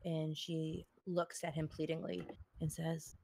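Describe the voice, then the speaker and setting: A woman's voice: deep voice, flat delivery, creaky, a little mellow, no room sound. Woman narrating a tabletop game. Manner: storytelling, measured. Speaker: game master.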